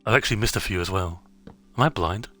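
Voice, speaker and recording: A man's voice: low voice, a little fast, a bit bright, faint music behind. A man streaming a game, chatting casually in a rambling way, with many fillers and self-interruptions. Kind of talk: casual gameplay chat.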